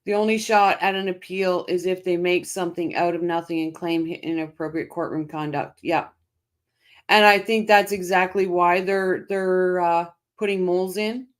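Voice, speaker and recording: A woman's voice: fairly low pitch, steady tone, normal speed. A middle-aged woman hosting a casual livestream, chatting and reading out viewer comments with frequent restarts. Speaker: livestream host.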